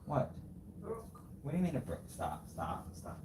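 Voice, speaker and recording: A man's voice: mid-range voice, very animated, measured pace, creaky, reverberant. A middle-aged American man coaching his wife through a build step by step, teasing her in casual livestream chat. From United States. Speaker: husband and co-host. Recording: noisy home livestream.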